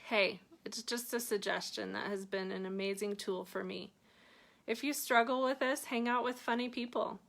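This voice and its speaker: A woman's voice: medium pitch, steady tone, normal speed, gravelly, a bit bright. A woman reading aloud from her own book, stopping now and then for chatty, joking asides about what she wrote. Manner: chatty, breaks off to joke and laugh at her own lines.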